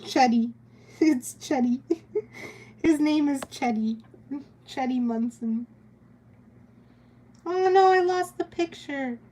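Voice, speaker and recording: A woman's voice: high voice, slow pace, long pauses, mellow. A young woman streaming as she draws, chatting casually with a giggly, rambling manner. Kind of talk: casual chat while drawing on stream.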